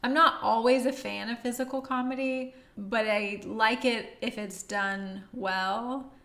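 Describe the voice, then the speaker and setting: A woman's voice: on the high side, steady tone, unhurried, pushed and bright, reverberant. A woman co-hosting a casual movie review chat, laughing often and trailing off mid-sentence. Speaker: podcast co-host.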